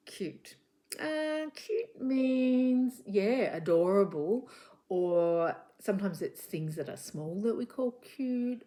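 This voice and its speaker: Slow, gentle woman teaching little kids. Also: lowish voice. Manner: gentle, encouraging, slow and drawn out; sounds out letters and slips into soft whispers. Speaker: children's literacy presenter. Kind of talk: teaching young children with a puppet. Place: home living room.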